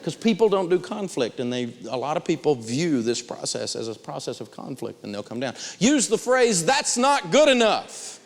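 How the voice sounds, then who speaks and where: A man teaching personal finance in a live seminar, telling stories with big swings in pitch. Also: very animated, normal speed, creaky, hardly any pauses, darkish tone, in a large hall.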